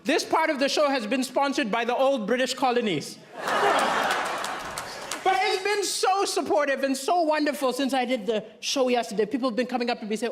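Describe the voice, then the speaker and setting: A man's voice: extremely high pitch, brisk, a little hiss or hum. A man from Malawi doing a stand-up comedy routine on a theatre stage, with punchy setups and dry punchlines. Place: large theatre stage before a live audience. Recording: live stage show with roaring audience laughter and applause.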